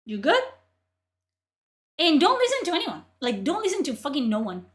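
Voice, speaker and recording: A woman streamer ranting in profane, exasperated commentary, her voice strained from yelling. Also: sits high, huge pitch swings, normal speed.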